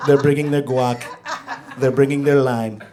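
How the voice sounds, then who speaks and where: A man voicing a blustering, boastful older male politician who talks in a slow, self-congratulating drawl, with a live crowd laughing. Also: mid-range voice, fairly even intonation, noisy background, lightly acted. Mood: disgusted.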